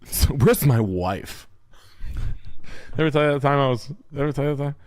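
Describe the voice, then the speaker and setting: A man telling a funny story in casual chat, laughing and slipping into silly high-pitched impressions. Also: lively intonation, brisk, a little mellow, dry recording, studio quality.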